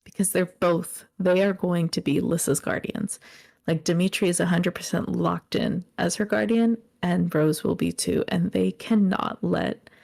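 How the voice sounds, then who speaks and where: A woman's voice: on the low side, fairly even intonation, measured pace, creaky, a little mellow, husky. A young woman co-hosting a casual book podcast, gushing and playful as she recaps a story. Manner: gushing, playful, slips into quoting characters. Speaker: podcast co-host.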